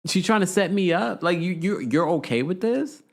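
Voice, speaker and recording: A man's voice: sits high, animated, moderate pace, vocal fry, voice pushed up. A man playing an exasperated, fed-up fiance.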